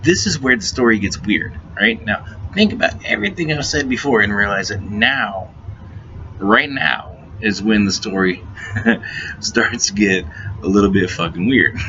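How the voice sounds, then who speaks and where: Male storyteller, lowish and forceful, profane and giggly, faint hiss on a muffled recording. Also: lively intonation, slow pace, long pauses. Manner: profane, laughing often, repeats and restarts words. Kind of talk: casual anecdote. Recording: dull lo-fi recording with faint noise.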